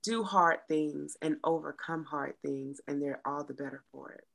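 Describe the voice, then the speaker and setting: A woman triathlete guest in a casual interview, animated and laughing easily. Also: low-pitched, normal speed, vocal fry. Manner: animated, laughs easily, swings loud to soft.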